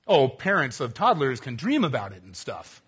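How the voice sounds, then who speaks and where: A man preaching a sermon, earnest and emphatic, swinging between loud outbursts and quiet, low stretches. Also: wildly swooping pitch, moderate pace, breathy edge. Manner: earnest, emphatic, rising to exclamations and dropping to quiet.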